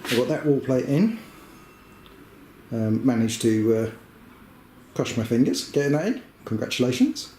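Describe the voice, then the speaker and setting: A man casually narrating his own bathroom building work, plain and practical, with many pauses and fillers. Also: mid-range voice, very animated, dark tone. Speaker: woodworking vlogger. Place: house under renovation, indoors. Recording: echoey room with noise.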